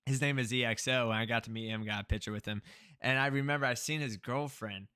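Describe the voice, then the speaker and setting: A man's voice: medium pitch, fairly even intonation, quick pace, pushed and bright, clear, resonant tone, no echo, clean studio sound. A man co-hosting a podcast, laid-back in casual chat and laughing along. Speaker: podcast co-host.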